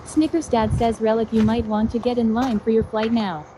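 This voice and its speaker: A synthetic woman's voice reading viewer chat messages aloud in a flat, even manner. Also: a little high, normal speed, a little hiss or hum. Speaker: text-to-speech chat reader.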